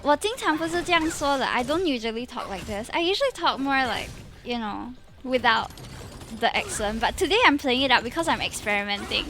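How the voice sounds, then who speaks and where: High-voiced Singaporean woman streamer. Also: animated, a little fast, fairly bright tone, faint music behind. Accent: Singaporean English. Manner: playful, chatty, heavy Singlish particles, frequent laughter. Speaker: VTuber streamer. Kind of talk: casual live-stream chat.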